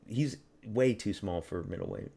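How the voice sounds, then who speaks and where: A man's voice: lowish voice, huge pitch swings, normal speed, vocal fry, dark tone, breathy edge. Young Canadian man rambling on a stream. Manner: crude, rambling, talks to chat, mocks fighters. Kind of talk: casual live-stream chat.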